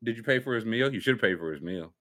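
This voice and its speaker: A man chatting on a podcast with a lively, bouncing delivery. He jokes around constantly and slips into silly voices while telling stories. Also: fairly low pitch, quick pace. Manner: animated joking, puts on silly voices. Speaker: podcast host. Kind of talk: casual chat.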